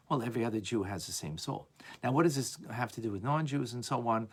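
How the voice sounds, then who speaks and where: A man teaching a lively class on a religious text, asking "right?" often and acting out examples. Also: medium pitch, fast talker, breathy edge. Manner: animated, playful, acts out examples, frequent "right?". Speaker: Torah teacher.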